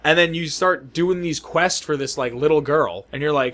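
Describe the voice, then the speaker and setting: A man's voice: fairly high pitch, moderate pace, hardly any pauses. A man co-hosting a podcast who chats casually, retelling things with lots of swearing and acted-out reactions. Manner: animated, profane storytelling that acts out quoted reactions. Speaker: podcast co-host. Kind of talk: casual chat.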